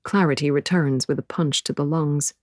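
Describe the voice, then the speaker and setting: Low-voiced woman narrating an audiobook. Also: steady tone, moderate pace, a little mellow, no room sound, clean studio sound. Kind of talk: first-person novel narration.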